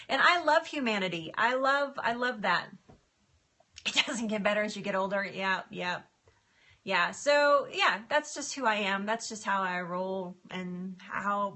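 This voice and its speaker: A middle-aged woman chatting casually on a live stream, emotional and quick to laugh, answering viewer comments. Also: medium pitch, bright, forceful tone. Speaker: livestream host.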